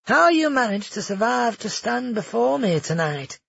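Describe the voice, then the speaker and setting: A man's voice: very high-pitched, big pitch swings, normal speed, vocal fry, fairly bright tone, husky, no echo, muffled recording, voice pushed up, heavily acted. A man voicing a sly, vengeful male nobleman villain in an audiobook, taunting and cold.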